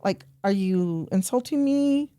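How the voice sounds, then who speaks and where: A woman guest on a podcast interview, telling animated stories and repeating points for emphasis. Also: medium pitch, measured pace, dry recording, studio quality. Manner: animated storytelling, quoting herself and others. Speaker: guest, nonprofit program director.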